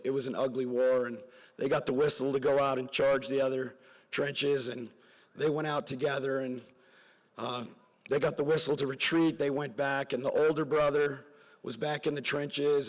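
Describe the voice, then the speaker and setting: A middle-aged man giving a parent's graduation speech as a story, earnest and rambling, his voice dropping soft at emotional moments. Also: mid-range voice. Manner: earnest, rambling with side stories, voice drops soft at emotional points. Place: large hall at a graduation ceremony. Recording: long hall reverb from a large venue.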